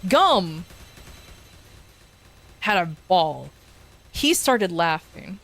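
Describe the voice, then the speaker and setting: A woman streamer casually telling a story to her viewers, animated, often restarting and repeating words. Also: fairly low pitch, extremely slow. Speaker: VTuber streamer.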